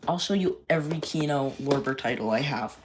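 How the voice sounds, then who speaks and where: A man's voice: fairly high pitch, a little fast. Male streamer, casual and rambling, echoey room with a faint hiss. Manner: rambling, many fillers and restarts. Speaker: live stream host. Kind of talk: casual live stream chat. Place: home room.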